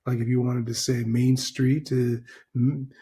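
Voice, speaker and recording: A man's voice: mid-range voice, flat delivery, dark tone. A man teaching a recorded language lesson, patient and repetitive, often checking in with "right?". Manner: slow, patient, repeats phrases, checks in with "right?".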